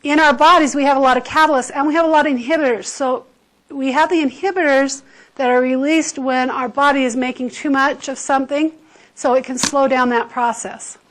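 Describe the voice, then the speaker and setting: High-voiced woman teaching chemistry class. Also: fairly even intonation, brisk, a bit bright, rough recording. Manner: explains with everyday comparisons, checks in with "okay?". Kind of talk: classroom lecture.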